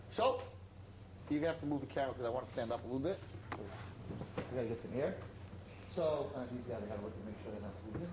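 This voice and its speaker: A man teaching a class, telling a parable in an animated, emphatic way and repeating his points. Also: mid-range voice, fast talker, pauses often, background noise. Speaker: religious teacher. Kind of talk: storytelling lesson to a class. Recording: roomy echo.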